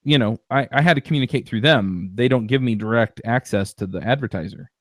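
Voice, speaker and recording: A man's voice: mid-range voice, brisk, dry recording, clean studio sound. A man hosting a podcast, talking in a rambling casual way with many restarts and fillers. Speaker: podcast host. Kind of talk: casual chat.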